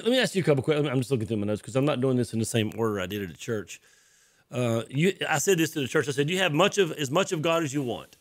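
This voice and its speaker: A man, a pastor, delivering a conversational sermon, often repeating his phrases for emphasis. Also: fairly high pitch.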